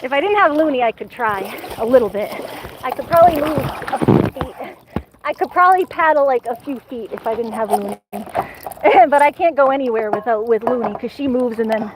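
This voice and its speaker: Woman, casual outdoor vlogger, high pitch, laughs a lot, tripod camera, heavy outdoor noise. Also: animated, fairly quick. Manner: laughs often, calls to her dog. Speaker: vlogger with her dog. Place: outdoors at a lake shore and woods.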